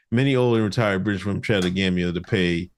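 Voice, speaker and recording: A man co-hosting a casual podcast chat, animated and laughing often. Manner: animated, laughing often, lively swings in pitch. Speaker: podcast co-host.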